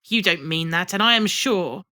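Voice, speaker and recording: A woman voicing a cheerful, warm-hearted young man who speaks brightly and eagerly in a storybook reading. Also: on the low side, moderate pace. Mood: incredulous.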